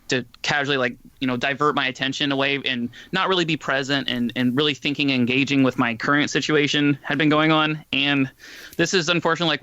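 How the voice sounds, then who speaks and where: A young man in his late twenties with a bright, forceful voice, rambling through a heartfelt goodbye on a podcast. He talks casually and keeps circling back with fillers, plainly emotional. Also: medium pitch, smooth, no room sound, dull audio. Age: 20s. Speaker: departing co-host.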